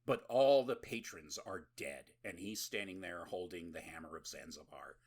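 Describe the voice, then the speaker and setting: A man's voice: low voice, normal speed, a little mellow, breathy edge. A man co-hosting a podcast, recapping a horror movie in casual, rambling, profane chat and laughing often. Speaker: podcast co-host.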